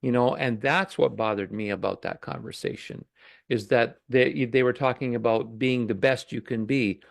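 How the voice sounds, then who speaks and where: Gravelly-voiced thoughtful man. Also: medium pitch, moderate pace, no room sound, studio quality. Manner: thoughtful, hesitant, many fillers. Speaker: guest. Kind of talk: casual conversational podcast.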